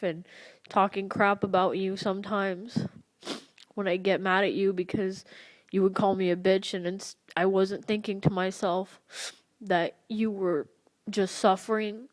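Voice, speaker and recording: A young woman speaking in a personal confessional vlog, halting and emotional, recorded close in a dry room. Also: mid-range voice, no echo. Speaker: vlogger.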